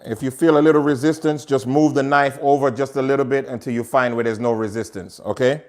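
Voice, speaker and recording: A man with a Jamaican accent hosts a relaxed cooking demo from his home kitchen. He chats directly to his viewers as he works, in an easygoing, talkative manner. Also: mid-range voice, fairly quick. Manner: chatty, talks straight to viewers. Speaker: cooking show host. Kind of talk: casual cooking demonstration.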